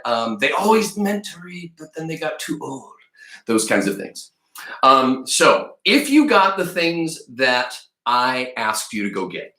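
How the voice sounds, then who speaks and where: A man teaching a live-streamed read-aloud lesson, chatty and energetic as he talks to the viewers in the chat. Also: medium pitch, reverberant. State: a little out of breath.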